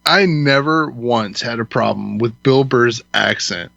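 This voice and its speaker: A man hosting a podcast talks in an emphatic, opinionated way in a bright, forceful voice. The recording is dry and slightly dull. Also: medium pitch, measured pace, creaky, no room sound. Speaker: podcast host. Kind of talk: casual podcast chat.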